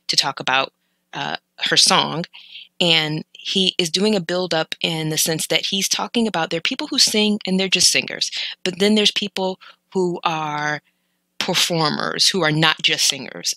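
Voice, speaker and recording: A woman's voice: lowish voice, bright, forceful tone, dry recording, poor audio. A woman learner casually explaining vocabulary from clips, thinking aloud with hesitant restarts and corrections. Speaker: language learner teaching vocabulary.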